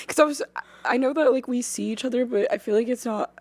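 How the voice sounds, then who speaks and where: A woman's voice: fairly high pitch, fairly quick, a little mellow. A woman in her twenties hosting a podcast, chatting casually with a friend and laughing often. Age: 20s. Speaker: podcast host. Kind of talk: casual chat.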